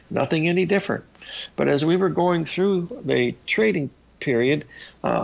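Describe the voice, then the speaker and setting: A man's voice: fairly high pitch, creaky. An older man hosting a trading talk show, telling rambling anecdotes with restarts and acting out the lines of the people in his stories. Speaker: radio show host and trading educator. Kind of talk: casual storytelling on a talk show. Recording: dull, lo-fi broadcast audio.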